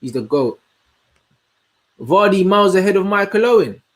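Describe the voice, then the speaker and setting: A young man, hosting a casual livestream and chatting in an animated, slangy way as he answers comments. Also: high-pitched. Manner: slangy, animated, answers chat with quick asides. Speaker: host.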